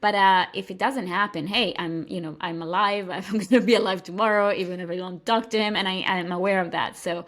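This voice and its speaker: A woman's voice: mid-range voice, steady tone, brisk, few pauses. A woman guest on a podcast, chatting reflectively and laughing lightly between thoughts. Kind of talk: casual chat.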